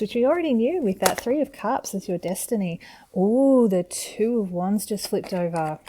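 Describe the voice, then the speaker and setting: A woman giving a tarot reading on video, speaking in a gentle, encouraging and enthusiastic way to her viewers. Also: medium pitch, a little hiss or hum. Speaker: tarot reader. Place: home setup with camera.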